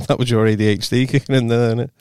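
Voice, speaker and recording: A man's voice: mid-range voice, fairly even intonation, a little fast, darkish tone, clean tone, no echo, studio quality. A young man co-hosting a comedy podcast, chatting casually, swearing freely and laughing often. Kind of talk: casual chat.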